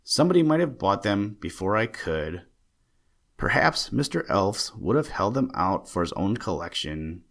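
A man voicing a fussy, excitable old male stamp collector with a chattering, genteel manner. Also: lowish voice, moderate pace, creaky, exaggerated voice. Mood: earnest. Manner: chattering, genteel, easily indignant.

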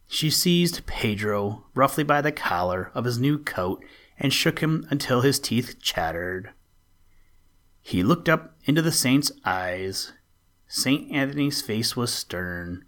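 A middle-aged man hosting a podcast, reading a children's story aloud in a calm, measured way. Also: lowish voice. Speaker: podcast host and story narrator. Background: soft background music.

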